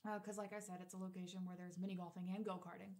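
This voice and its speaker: A woman's voice: on the low side, flat delivery, rapid-fire, a little mellow. A young woman in her twenties, co-hosting a podcast, telling a story in casual chat, swearing freely and acting out the quotes. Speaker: podcast co-host.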